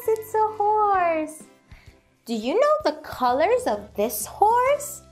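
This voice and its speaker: Woman teacher for a toddler lesson. High, bouncy voice, extremely slow and drawn out, with faint music behind. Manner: exaggerated, cheerful questioning, drawn-out words. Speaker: children's teacher. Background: faint background music.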